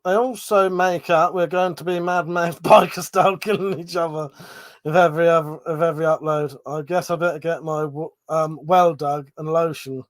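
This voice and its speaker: A man's voice: fairly high pitch, fairly even intonation, normal speed. A man with a cold, sniffling and coughing, hosting a casual live stream where he reads out viewer comments, swearing and laughing often.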